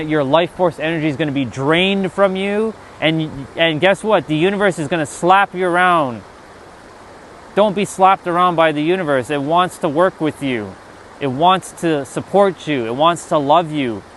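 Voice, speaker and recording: A man with a somewhat high, slightly bright voice speaks at a moderate pace during a live stream by the water outside. Responding to chat, he delivers a forceful, profanity-laced spiritual pep talk, constantly throwing in "right?". The recording carries a slight hiss or hum.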